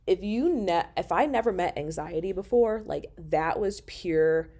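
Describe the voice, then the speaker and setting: A storyteller vlogger with a lowish, warm voice tells her viewers a personal story at a measured pace. She's animated, casual and emotional, swearing freely and speaking straight to them.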